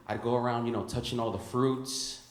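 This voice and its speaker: A young man from Chicago doing a stand-up comedy set on a club stage, animated, laughing at his own lines and calling people "bro" and "dude.". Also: medium pitch, a little fast. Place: comedy club stage before a live audience. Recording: roomy club sound.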